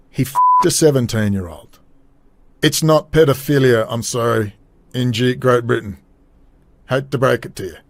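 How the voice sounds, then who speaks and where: A man hosting a solo podcast, rambling and blunt, swearing freely and trailing off mid-thought. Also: medium pitch. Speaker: podcast host. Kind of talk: casual solo commentary.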